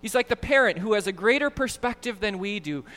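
A male pastor giving an earnest, animated sermon, often repeating words as he talks. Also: high voice, a little fast, big-room sound.

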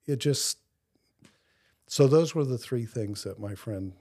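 A man being interviewed as a podcast guest, telling a personal faith story in an earnest, reflective way with slow pauses. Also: mid-range voice, lively intonation, warm tone. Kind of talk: personal faith testimony in conversation.

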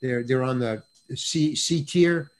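An older man, a guest actor on a video call podcast, telling an animated anecdote with many restarts and acted-out voices. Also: medium pitch, slow. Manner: lively, acts out other people's voices, repeats and restarts words.

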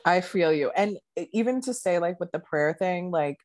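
A woman's voice: fairly low pitch, expressive, normal speed, a little mellow, no room sound. A young woman co-hosting a podcast, chatting casually and loosely with lots of "like" and "you know". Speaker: podcast co-host. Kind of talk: casual chat.

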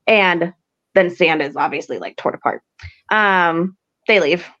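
A woman's voice: on the low side, measured pace, fairly bright tone, highs cut off. A woman hosting a podcast, recapping an episode in a chatty, rambling way full of fillers. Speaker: podcast host.

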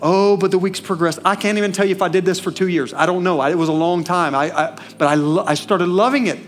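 A middle-aged man preaching a sermon, telling a personal story and building to loud, fervent peaks. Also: high voice, quick pace, a little hiss or hum.

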